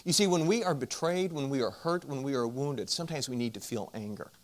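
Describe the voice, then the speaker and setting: A man speaking at a marriage conference, telling a self-deprecating story and addressing the audience with direct questions, his volume swinging from loud to hushed. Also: medium pitch, brisk. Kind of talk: storytelling Christian talk.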